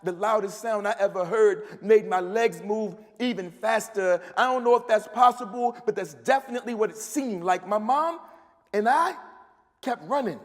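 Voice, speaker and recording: A man, an author, giving a live, rhythmic first-person reading of his fiction in a large festival hall. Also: high voice. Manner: rhythmic, storytelling delivery. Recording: long hall reverb.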